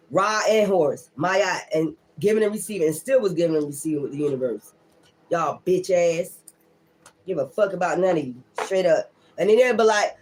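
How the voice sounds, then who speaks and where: A woman's voice: lowish voice, darkish tone. A woman who reads tarot and rants on a casual livestream, profane, blunt and emphatic, and she keeps repeating her defiant points. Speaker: tarot reader.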